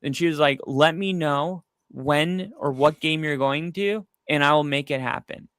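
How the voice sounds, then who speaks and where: A man's voice: on the high side, a little slow, clean tone, no echo, studio quality. A man co-hosting a casual football podcast, telling stories animatedly and acting out the quotes. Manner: animated storyteller, acts out quotes. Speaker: podcast co-host. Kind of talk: casual sports chat.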